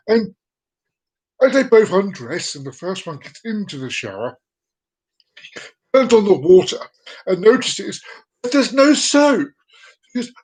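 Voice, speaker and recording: A man's voice: high voice, big pitch swings, unhurried, pauses often, rough recording. A man hosting a casual live comedy show, chatty and playful, giggling at his own jokes. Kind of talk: casual joke-telling.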